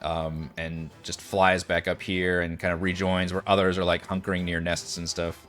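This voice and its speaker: A man's voice: low-pitched, flat delivery, moderate pace, fairly bright tone, soft background music. A man running a tabletop game as dungeon master, thinking aloud with lots of fillers. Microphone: headset or desk mic on a voice call.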